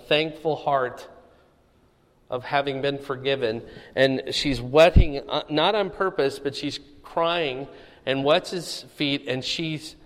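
A man's voice: medium pitch, big-room sound. A man teaching a Bible study in a conversational way, often checking in with the listeners.

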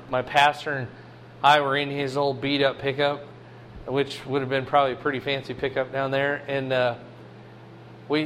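A man's voice: medium pitch, fairly bright tone, a little hiss or hum. A man in his fifties preaching a casual sermon in a folksy way, with joking asides. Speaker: pastor.

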